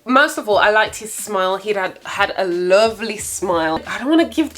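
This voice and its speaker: A young woman vlogger telling a story to camera in a playful, chatty way, with sudden swoops up into a high voice. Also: lively intonation, normal speed, few pauses, fairly bright tone, faint music behind. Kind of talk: casual story-time chat to camera.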